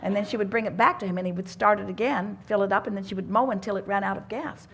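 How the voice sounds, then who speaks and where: An earnest woman lectures a live audience at a self-help seminar. Her phrasing is slightly odd and formal, and her voice sits at a middle pitch. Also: fast, creaky, a bit bright, slight background noise. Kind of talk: inspirational seminar talk.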